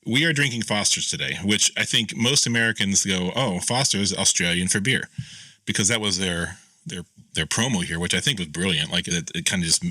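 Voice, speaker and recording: A man's voice: low voice, a little fast, few pauses, sharp tone, dry recording, poor audio. A man co-hosting a podcast in laid-back, joking casual chat on a close mic. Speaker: podcast co-host.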